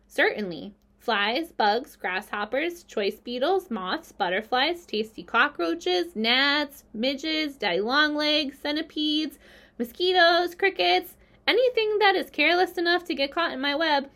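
A woman's voice: high-pitched, expressive, measured pace, a bit bright, pitched above the performer's own voice, heavily acted. A woman voicing a clever female spider in a storybook reading, with a thin, pleasant voice and a composed, matter-of-fact way of talking. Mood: frank.

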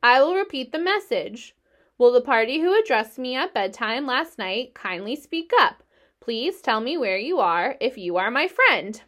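A woman voicing an excitable young male pig who talks loud and pleads eagerly in a storybook reading. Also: on the high side, moderate pace, hardly any pauses, pitched above the performer's own voice. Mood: formal loud.

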